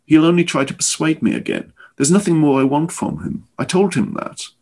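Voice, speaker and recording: Defiant young man, intense, higher than the reader's own voice; man reading plays him, husky edge. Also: very animated, fairly quick, a little mellow, full character voice. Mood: restless. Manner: intense, urgent. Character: young man, proud, defiant, quick to anger.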